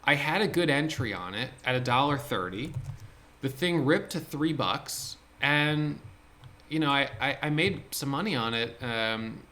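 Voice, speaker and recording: Excitable bright-voiced man recapping trades. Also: mid-range voice. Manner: excitable, thinking aloud with quick restarts. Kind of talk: casual screen-share trade recap.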